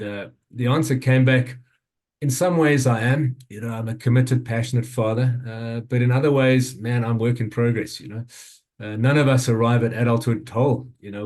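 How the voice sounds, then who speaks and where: In earnest, faltering speech dotted with fillers and restarts, a South African man in his fifties tells a personal story at a summit. His mid-range voice has a slightly mellow quality.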